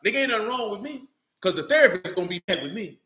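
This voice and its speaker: Speaking quickly with lively intonation, a man with a high, pushed, bright voice chats in an unscripted, casual manner. He's a religious group speaker who is blunt, curses often, and keeps saying "you know what I'm saying." The room adds a noticeable echo.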